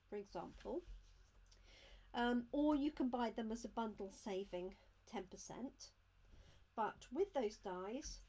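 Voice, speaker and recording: Woman, fairly high voice, unhurried, chatty craft-demo host. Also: darkish tone. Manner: chatty, explains step by step while handling items. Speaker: craft demonstrator. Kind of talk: live craft unboxing demo.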